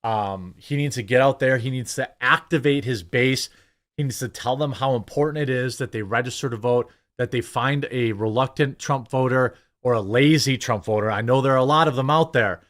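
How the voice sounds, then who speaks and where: Male host, casual political commentary, animated and sarcastic, middle pitch. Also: moderate pace. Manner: animated, sarcastic, lots of fillers.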